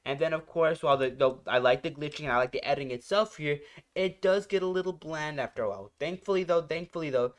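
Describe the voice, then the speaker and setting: A man's voice: a little high, quick pace. A man hosting a reaction channel, rambling casually, repeating phrases and searching for words as he reviews a song. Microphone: headphones.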